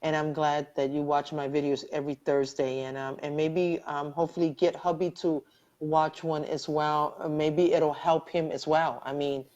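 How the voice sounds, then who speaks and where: Low-voiced woman host, close to tears. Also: level tone, moderate pace, darkish tone, lo-fi sound. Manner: heartfelt, religious, rambling with many restarts. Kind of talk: live online interview. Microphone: video call.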